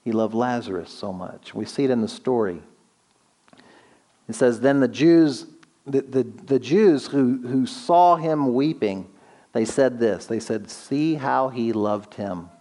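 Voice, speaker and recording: A man preaching a sermon, earnest, asking the listener questions and slowing down to stress key words. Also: medium pitch, mellow. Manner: earnest, slows down for emphasis, asks rhetorical questions. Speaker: pastor.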